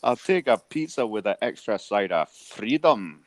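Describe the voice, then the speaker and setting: A man's voice: fairly low pitch, big pitch swings, moderate pace, no room sound, voice pushed up. A man voicing a hammy Scottish prank caller ordering a pizza, with a put-on Scottish accent. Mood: cheeky. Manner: cheeky, hammy, laughing through it.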